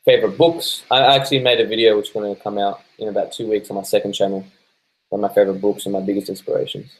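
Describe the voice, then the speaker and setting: Laid-back Australian man, lowish voice. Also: flat delivery, quick pace, rough recording. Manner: laid-back, swears freely, laughs often, reads comments aloud. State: stoned. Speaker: live-stream host reading viewer chat. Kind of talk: casual live-stream chat.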